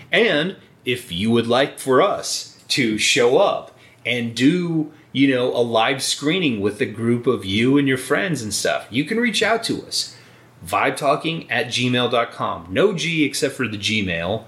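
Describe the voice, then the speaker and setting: A man's voice: medium pitch, very animated, measured pace, fairly bright tone. A man co-hosting a podcast in casual chat, laid-back and enthusiastic, swearing freely. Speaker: podcast co-host. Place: indoor recording room.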